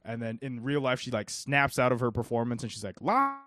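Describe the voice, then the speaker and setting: A man's voice: mid-range voice, flat delivery, fairly quick, a bit bright. Young man rambling through a casual movie review. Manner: rambling, lots of "like" fillers. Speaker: podcast co-host.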